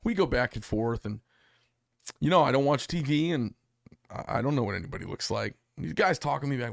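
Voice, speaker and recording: A man's voice: medium pitch, a little fast, gravelly, no room sound, studio quality. A middle-aged man hosting a casual chat, telling long stories, acting out the people he quotes and swearing freely. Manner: animated storyteller, acts out quotes, swears freely. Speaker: podcast host and knifemaker. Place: small workshop studio.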